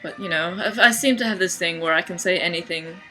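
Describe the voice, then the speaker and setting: Deadpan young Australian woman, bright tone. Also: fairly low pitch, a little fast, soft background music, low-quality recording. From Sydney, Australia. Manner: deadpan, dry humor. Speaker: vlogger. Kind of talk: casual accent-challenge video.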